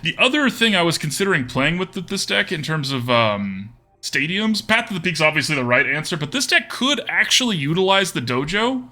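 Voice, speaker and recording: A man's voice: on the high side, sing-song, a little fast, hardly any pauses, pushed and bright, soft background music. A young man from Texas giving playful, jokey live-streamed commentary on a card game as a streamer, now and then bursting into cheers.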